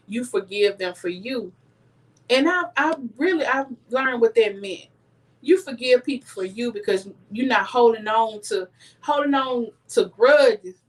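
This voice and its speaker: A middle-aged woman, giving earnest life advice straight to her viewers in a casual live stream. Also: fairly high pitch. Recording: voice a bit distant from the mic.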